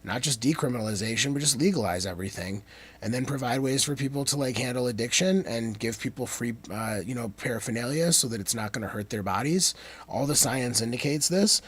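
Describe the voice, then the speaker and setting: A man who breaks down song lyrics in a casual monologue. He is animated and wanders off on tangents, swinging between emphatic peaks and quiet asides. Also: medium pitch, a little fast, breathy edge. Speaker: commentator breaking down rap lyrics.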